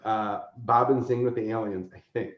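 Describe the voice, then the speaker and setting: Man, casual storytelling, animated, laughing, echoey room, dull audio. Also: on the low side, moderate pace, a crowd in the background. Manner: animated, laughing, acts out quoted voices. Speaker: convention organizer, podcast guest. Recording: roomy, dull lo-fi sound.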